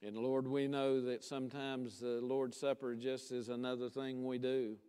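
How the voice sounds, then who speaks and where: A man's voice: mid-range voice, little pitch movement, moderate pace, clear, resonant tone. Impassioned preacher man in a reverberant hall. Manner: impassioned preaching with rising emphatic repetition, then quiet prayer. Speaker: pastor. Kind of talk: sermon. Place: church sanctuary. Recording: long church-hall reverb.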